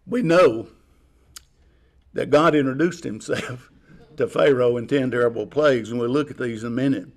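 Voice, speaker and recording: Measured chapel preacher, man. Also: medium pitch. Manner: measured, explaining with pauses. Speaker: chapel speaker. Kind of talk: sermon.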